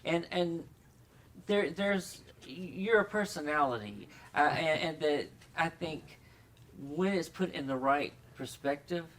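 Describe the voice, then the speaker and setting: Rambling host asking questions. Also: male voice, on the high side, slow, fairly bright tone. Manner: rambling, hesitant, restarts a lot. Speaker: talk show host. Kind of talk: casual interview.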